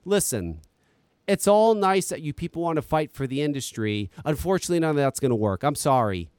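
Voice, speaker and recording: A man's voice: a little high, big pitch swings, brisk, a little mellow, clean tone, dry recording. A man ranting on a podcast, exasperated and profane, talking close to the mic. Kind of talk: heated podcast commentary.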